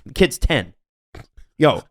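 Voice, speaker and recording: A young man co-hosting a casual sports podcast, talking emphatically with rambling asides and some swearing. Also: takes it slowly. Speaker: podcast co-host.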